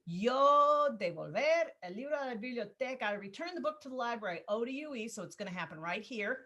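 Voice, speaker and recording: A woman teaching a Spanish class over a video call, patient and encouraging, drilling words slowly. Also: a little high, expressive, pushed and bright.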